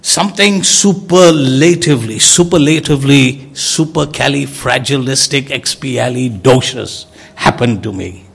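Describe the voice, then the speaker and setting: Preaching to his congregation, a man with a gravelly, husky voice swings from loud exclamations down to soft, low words. His emphatic sermon moves at a measured, unhurried pace.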